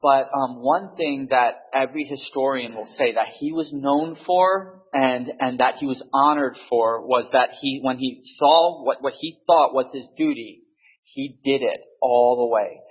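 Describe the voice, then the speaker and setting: A man telling a story casually to a group, halting and restarting often, on a dull lo-fi recording. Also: mid-range voice, breathy edge. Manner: halting, many restarts and fillers. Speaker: speaker in a group discussion.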